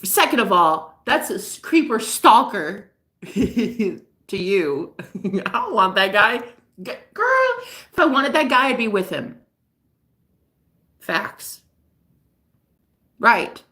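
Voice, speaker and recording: A woman chatting in a casual, gossipy vlog monologue, animated and profane, often laughing as she talks. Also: mid-range voice, slow pace, long pauses. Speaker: spiritual reader and vlogger.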